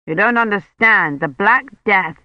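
A man's voice: sits high, animated, measured pace, no room sound. Reader's take on a worried, stern man, clipped and firm, dry dull lo-fi sound. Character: anxious, stern man searching a snowy forest.

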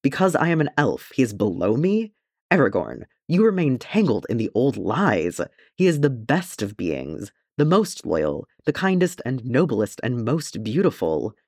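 A man reading a soft-spoken devoted male elf. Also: medium pitch, huge pitch swings, unhurried, dry recording, studio quality, exaggerated voice. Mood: impassioned. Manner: soft and earnest, turning insistent. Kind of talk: audiobook character reading.

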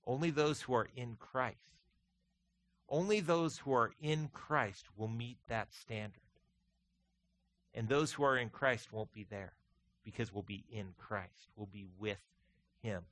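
A man preaching a sermon to his congregation, folksy and animated, mixing stories and humor with scripture. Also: mid-range voice, a little slow, long pauses. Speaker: pastor.

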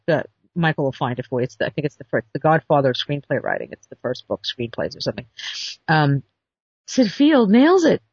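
A woman's voice: fairly low pitch, no room sound. A woman script consultant telling a story bluntly and outspokenly to an audience in a casual monologue. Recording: dull, muffled recording.

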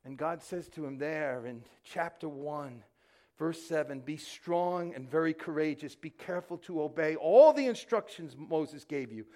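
A middle-aged man preaching a sermon, passionate, often repeating words and swinging between loud bursts and hushed moments. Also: on the high side, unhurried. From New York. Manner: repeats words when excited. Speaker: pastor.

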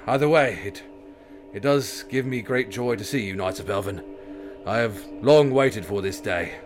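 A man voicing a weary, soft-spoken noble knight who speaks gently and sadly, with sighs. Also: fairly low pitch, a little slow, background noise, natural voice. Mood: solemn. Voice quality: sighing, gentle and solemn.

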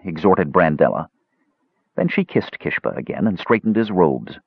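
A man narrating a fantasy audiobook with expressive storytelling. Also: very deep voice, normal speed, husky, dry recording, narrow, tinny audio.

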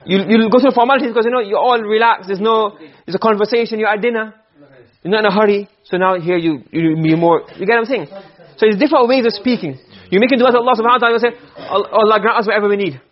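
Speaking fast in a high-pitched voice, this man walks through a rhetoric lesson one step at a time. Repeated words and Arabic terms run through his explanation, heard on a dull lo-fi recording.

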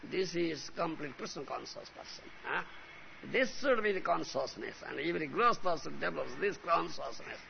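Gravelly high-voiced male spiritual teacher. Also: animated, normal speed. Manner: emphatic, repeats a questioning "huh?". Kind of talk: devotional lecture. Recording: lo-fi recording with faint hiss.

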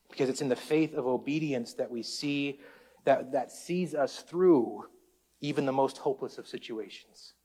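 A pastor preaches a sermon in a mid-range, husky voice with a darkish tone. He calls out to the congregation, his intensity building up and then easing off.

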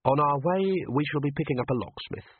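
A man's voice: a little high, a little fast, breathy edge, dry recording, phone-quality sound, pitched above the performer's own voice. A man reading an audiobook, voicing a polite, cheerful young assassin who talks in a formal, faintly menacing way.

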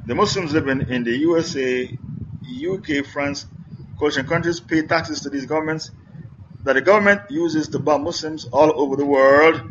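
A man's voice: a little high, moderate pace, a bit bright, lo-fi sound, slight background noise. A middle-aged man preaching in a question-and-answer lecture, emphatic and repetitive, firing off rhetorical questions.

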